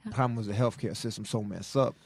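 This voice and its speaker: A man's voice: on the low side, quick pace, vocal fry, darkish tone, breathy edge, dry recording. A man, co-hosting a comedy podcast, telling a story in a repetitive, exasperated, drawling way. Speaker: podcast co-host.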